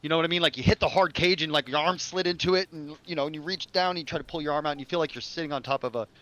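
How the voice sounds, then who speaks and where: A man's voice: fairly high pitch, rapid-fire, pushed and bright, muffled recording. A man narrating as game master of a tabletop game, talking loosely with many fillers and restarts.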